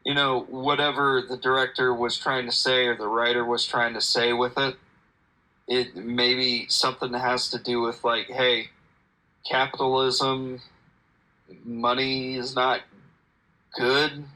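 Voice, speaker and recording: A man's voice: medium pitch, flat delivery, measured pace, sharp tone, poor audio. A man hosting a solo podcast, reviewing a film in a meandering, self-deprecating way with lots of restarts. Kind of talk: rambling solo podcast talk.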